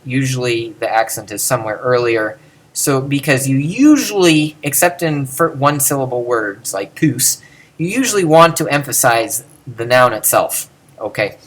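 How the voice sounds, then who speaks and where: A man's voice: mid-range voice, fairly bright tone. A man giving an informal video lecture on Ancient Greek, thinking aloud and demonstrating pronunciations.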